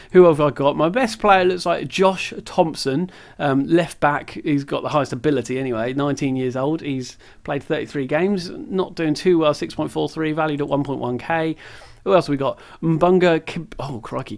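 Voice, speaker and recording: A man's voice: fairly high pitch, creaky. A young man casually commenting while playing a football management game, rambling with self-deprecating asides, recorded on a camera's built-in mic while sitting on the floor at home. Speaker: gaming video creator. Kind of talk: casual let's-play commentary.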